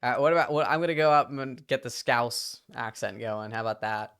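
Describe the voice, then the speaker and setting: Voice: mid-range voice, fairly quick, fairly bright tone, clean tone. A streamer from Britain with a British accent that drifts toward whoever they talk to, chatting casually to a live audience in a rambling way full of asides.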